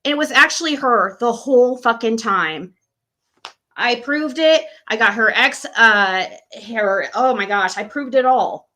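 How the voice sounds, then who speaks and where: Rambling, bright-voiced woman guest. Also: fairly high pitch, a little slow. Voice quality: rambling, repeats herself. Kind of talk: casual live-stream chat.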